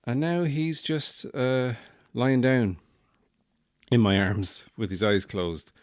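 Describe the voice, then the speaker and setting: A young adult or middle-aged new father hosts a podcast, his mid-range voice unhurried and echo-free. He jokes through a casual monologue in a dry, self-deprecating manner.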